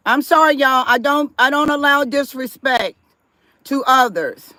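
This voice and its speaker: High, bright-voiced woman hosting a live stream. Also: animated, moderate pace, no room sound. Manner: chatty, reads out viewer comments, firm about respect. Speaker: livestream host. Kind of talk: live stream chat with viewers.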